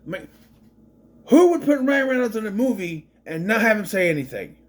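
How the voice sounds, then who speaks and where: A man's voice: high voice, big pitch swings, fairly quick. A man casually recapping a film, wry and digressive, with frequent restarts and asides. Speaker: movie recapper.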